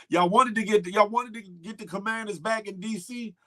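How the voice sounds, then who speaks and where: This man's voice sits high and moves briskly. He's running an easygoing morning stream, replying to chat and hammering points home by saying them again.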